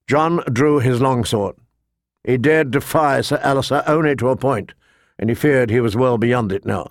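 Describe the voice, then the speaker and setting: A man narrating a fantasy novel in a measured, steady storytelling voice. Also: mid-range voice, dry recording, studio quality. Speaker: audiobook narrator.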